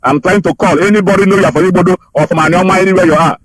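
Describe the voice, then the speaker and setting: A man's voice: sits high, steady tone, very fast, no echo, low-quality recording. A man calling in to a radio show, speaking with urgent, fervent repetition. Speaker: caller. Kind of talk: phoned-in radio appeal.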